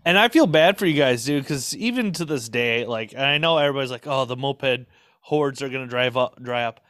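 A man's voice: mid-range voice, lively intonation, fairly quick, fairly bright tone, dry recording, studio quality. A man from the Midwest chatting casually on a podcast, laid-back, saying dude a lot with plenty of fillers. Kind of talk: casual chat.

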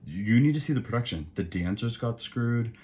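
At a moderate pace and medium pitch, this man co-hosts a podcast in easygoing conversation. He rambles excitably and fills his talk with fillers.

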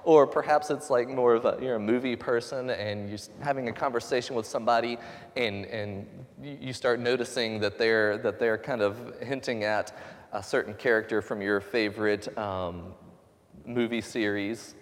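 A man pastor giving a conversational sermon, relaxed and joking with lively asides. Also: medium pitch, moderate pace. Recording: long hall reverb.

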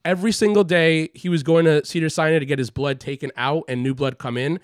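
A man with a somewhat high voice tells a long personal story in loose, rambling talk. He swears freely, leans on "like", and slips into animated impressions of other people. The sound is close and dry, with no room around it. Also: fast talker, no echo. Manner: rambling, heavy use of "like" and profanity, animated quoting. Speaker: guest telling a story. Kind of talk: casual conversational storytelling.

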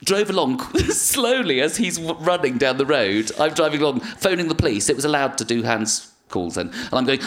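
A man's voice: medium pitch, lively intonation, normal speed, few pauses. A middle-aged English man, a comedian guest on a live podcast, telling stories in a rambling, self-deprecating way.

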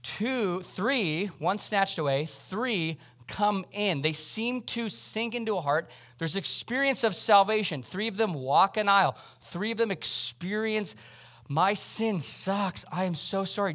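A man's voice: high-pitched, a bit bright. A male pastor preaching a sermon at a church service in a conversational style, speaking directly to the congregation.

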